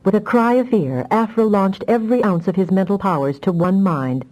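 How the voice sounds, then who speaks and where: A woman narrating a fantasy audiobook with expressive storytelling. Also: mid-range voice, normal speed, rough recording.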